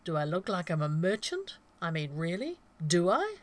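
A woman voicing a sarcastic, fussy male outlaw in an audiobook, with an indignant, sharp delivery. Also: fairly low pitch, big pitch swings, normal speed.

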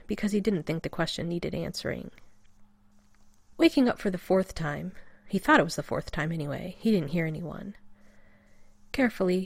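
Woman narrator, low voice, dry close mic, steady wry audiobook read. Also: gravelly, dry recording. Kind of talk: audiobook reading of fan fiction.

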